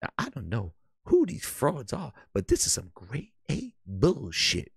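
A man doing a comic impression of a famous console architect: a low, muttering voice, indignant and swearing. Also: huge pitch swings, a little slow, gravelly, a bit bright, breathy edge, dry recording, studio quality, exaggerated voice. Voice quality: low, muttering, mumbled under the breath.

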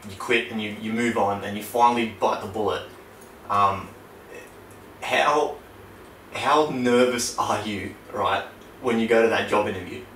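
A man's voice: unhurried, pauses often, slight background noise. A young man, co-hosting a casual podcast chat, swearing freely and telling stories with lots of energy. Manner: swears a lot, animated storyteller. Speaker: podcast co-host. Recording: roomy, distant low-quality backup mic.

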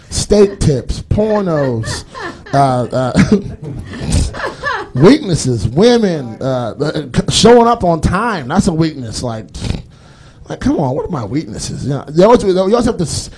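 A young man with a Boston accent performs a rambling stand-up set on a live stage, packed with fillers and put-on voices for his bits. His mid-range voice sounds mellow and husky.

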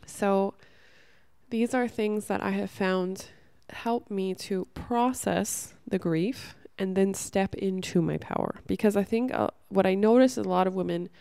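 A woman's voice: mid-range voice, measured pace, creaky, mellow, clean tone, no room sound. A young woman giving an earnest, casual motivational talk, swearing now and then. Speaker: host.

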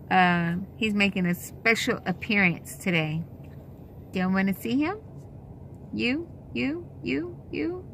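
A young woman rambles slowly to her phone camera, filling her talk with "um" and "you know" as she grumbles. Her voice is bright and lively, with a quick edge of exasperation when something annoys her. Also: medium pitch, a little hiss or hum. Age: young adult. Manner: rambling, exasperated complaining with many fillers. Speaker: vlogger. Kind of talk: casual chat. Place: inside a car, later a store.

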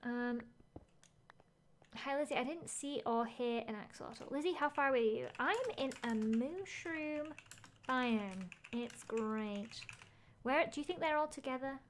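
A woman's voice: high voice, measured pace, slight background noise. A woman game streamer chatting casually as she plays, thinking aloud, gasping at finds and reading chat messages.

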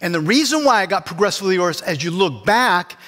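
A man with a high voice preaches a sermon in a church. His delivery is conversational, and he keeps turning to the congregation with questions. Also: expressive, fairly quick, bright, forceful tone, soft background music. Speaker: pastor.

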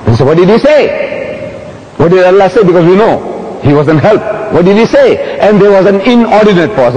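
Male public lecturer, husky and fairly high-pitched, emphatic and repetitive, recorded dull in a large echoing hall. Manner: animated storytelling, emphatic repetition, rhetorical questions. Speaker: Islamic lecturer.

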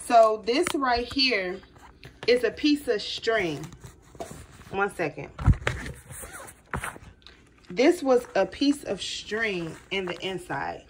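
A woman's voice: mid-range voice, lively intonation, takes it slowly, long pauses. A chatty woman talks her viewers through a home craft project, sounding nervous and calling them y'all. She sits a little back from the mic, so her voice comes across somewhat distant, with a faint hiss underneath. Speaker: crafting vlogger. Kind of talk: casual tutorial chat to viewers.

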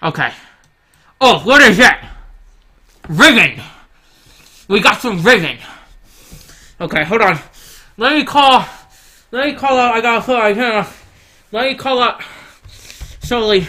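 A brash man with a bright, forceful voice, cursing his way through comedic gameplay commentary. He plays at being rude, shouting mock insults one moment and muttering to himself the next. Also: very high voice, expressive, unhurried, pauses often. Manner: brash, profane, mock-rude persona with mumbled asides. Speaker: guest gamer.

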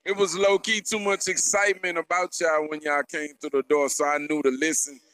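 Host type: male, hyped street-slang delivery, bright and forceful. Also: fairly high pitch, flat delivery, a little fast, smooth, no room sound. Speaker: radio show host. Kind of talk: hype interview intro. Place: music festival venue.

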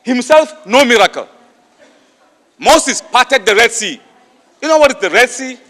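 Emphatic high-voiced man in a hall. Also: expressive, moderate pace, sharp tone. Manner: emphatic, rhetorical questions. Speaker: debater. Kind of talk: public debate speech. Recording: long hall reverb.

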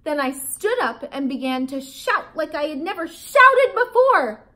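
A woman teacher reading a children's book aloud in an expressive storytelling manner. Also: sits high, a little slow.

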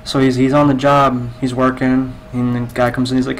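A man's voice: mid-range voice, flat delivery, a little fast, hardly any pauses, low-quality recording. A man chatting with a friend during a game, telling a long shaggy-dog joke at an easy pace. He keeps quoting the characters with "he's like". A faint hiss sits under his voice. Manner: loose storytelling, many "he's like" quotes. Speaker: gamer telling jokes. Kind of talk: casual chat telling a joke.

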